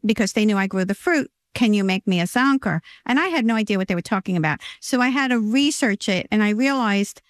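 A woman from New York who owns a bakery, telling her story in a quick, chatty way for an interview. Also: medium pitch, lively intonation, no echo, studio quality. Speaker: bakery owner.

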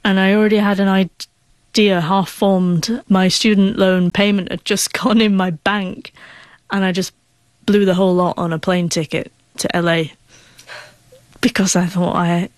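A woman's voice: medium pitch, flat delivery, a little slow, no room sound. A young woman speaks with a noticeable stutter, catching and repeating her first sounds. She tells a personal story as a guest in an interview, earnest and emotional. The sound is dry and close, with no room around her.

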